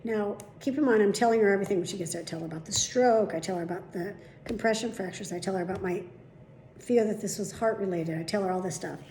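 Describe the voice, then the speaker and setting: A woman hosting her own daily vlog, telling her followers a story in a chatty, animated way, with casual swearing. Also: mid-range voice, fast talker, reverberant, slight background noise. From United States. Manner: chatty, profane, animated retelling. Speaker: vlog host.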